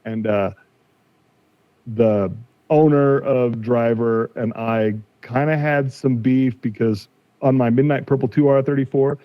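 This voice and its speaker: A man's voice: mid-range voice, fairly even intonation, measured pace, no echo. A man in his forties, a podcast guest telling a story casually and acting out what others said to him. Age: 40s. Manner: retells a dispute, acting out quoted exchanges. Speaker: podcast guest, car collector. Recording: slightly dull, dry sound.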